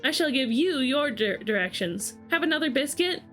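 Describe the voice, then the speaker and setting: A woman reading aloud and voicing a brisk, bossy, commanding queen in a storybook reading. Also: high voice, expressive, faint music behind. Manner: brisk, commanding, matter-of-fact.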